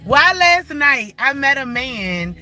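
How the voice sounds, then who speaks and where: A woman's voice: sits high, very animated, slow, pushed and bright. A woman live-streaming casual chat, telling stories to viewers in a loose, profane way from inside a car. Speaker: livestream host.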